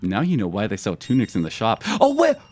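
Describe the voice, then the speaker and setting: Faint music plays behind a man who talks fast in a fairly low voice as he streams a video game. His live commentary is animated, full of chatter to his viewers and jokes about the mistakes he makes.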